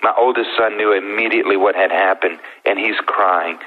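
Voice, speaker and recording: Middle-aged male guest, lowish, earnest testimony; thin phone-like recording. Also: fairly even intonation. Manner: earnest, heartfelt, with slow pauses. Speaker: guest telling his story. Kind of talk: emotional personal testimony.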